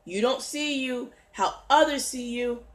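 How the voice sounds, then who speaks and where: A woman's voice: high-pitched, measured pace. Woman, livestream host, exhorting, preachy, greets viewers, phone mic. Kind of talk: motivational livestream talk.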